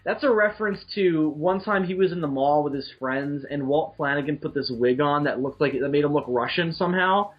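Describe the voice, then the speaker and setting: A young man in casual chat who tells profane stories in a crude, excitable way. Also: on the high side, a little fast, hardly any pauses. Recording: dull lo-fi recording, faint music.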